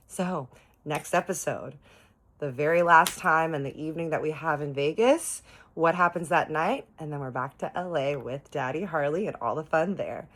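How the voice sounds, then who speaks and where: A woman's voice: deep voice, moderate pace, a bit bright. A woman chatting directly to her viewers as she tells a personal story in a storytime vlog. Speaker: storytime host.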